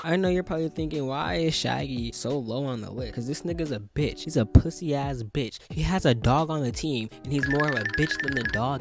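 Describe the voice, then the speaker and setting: A man ranting casually into his phone, profane and brash, trash-talking and getting worked up. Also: medium pitch. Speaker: commentator ranking game characters.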